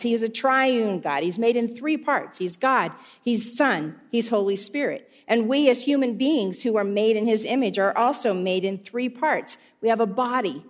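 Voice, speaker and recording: A woman preaching a sermon to a congregation, explaining scripture in an unhurried teaching manner. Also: a little high. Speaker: pastor's wife, guest preacher. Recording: long reverb of a large hall.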